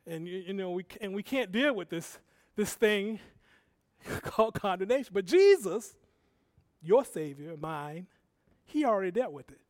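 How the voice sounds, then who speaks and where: High-voiced male preacher, dry sound. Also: animated, measured pace, pauses often, no room sound. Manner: conversational and rambling, with self-corrections and laughs; swings between soft asides and loud exhortation. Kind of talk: sermon.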